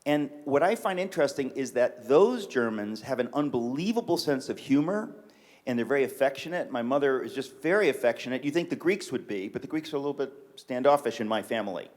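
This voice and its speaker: A middle-aged man from New York jokes and tells stories as a guest on a church stage, his voice sitting at an ordinary middle pitch. He talks in an animated, wisecracking way to the audience. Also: a little fast. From New York City. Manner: joking, animated storyteller. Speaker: guest author. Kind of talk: casual chat.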